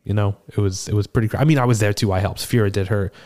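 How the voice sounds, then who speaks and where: A man playing a seasoned male tortle cleric, telling a rambling, animated, self-deprecating tavern tale in a tabletop game. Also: lowish voice, very fast, natural voice. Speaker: player. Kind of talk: in-character tavern storytelling.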